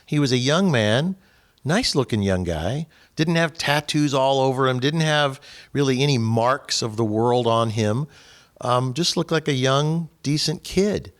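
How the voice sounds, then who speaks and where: A middle-aged man leads a faith group discussion, telling a personal story as a lively anecdote. His pitch sits in an ordinary middle range but swings widely as he acts out the back-and-forth. He builds the story toward a faith message. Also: a little slow. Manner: lively retelling with quoted dialogue.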